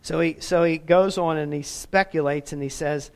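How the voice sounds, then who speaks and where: A pastor delivering a sermon, his voice sitting a little higher than most men's. He talks in an easy, conversational way and drops self-deprecating asides between points. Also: fairly even intonation, moderate pace.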